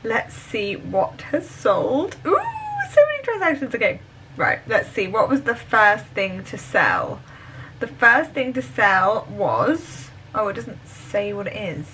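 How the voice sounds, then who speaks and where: A young woman vlogging at home in a chatty, giggly, excitable way. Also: medium pitch, slow pace, slight background noise, low-quality recording. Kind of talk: casual vlog chat. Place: at home indoors.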